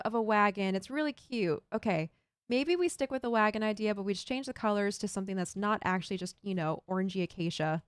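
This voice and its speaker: A woman's voice: mid-range voice, fast, clear, resonant tone, no echo, studio quality. A woman streaming a building game, chatting casually and thinking aloud while she builds and reads chat. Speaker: Minecraft streamer.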